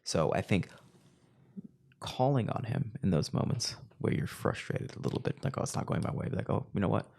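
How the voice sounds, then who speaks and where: A podcast co-host with a low, brisk and gravelly voice joins a casual spiritual chat. He is laid-back and playful, slipping into excited put-on voices.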